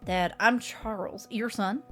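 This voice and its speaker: A woman voicing a patient, weary adult son who calmly reasons with his confused father. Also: medium pitch, slow pace, soft background music, close to an everyday voice.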